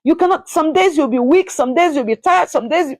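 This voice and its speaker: Woman doing a high shrill sister voice, pushy, pleading, repeats herself. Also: animated, a little fast, no echo. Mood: insistent. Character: insistent adult woman pressing for custody.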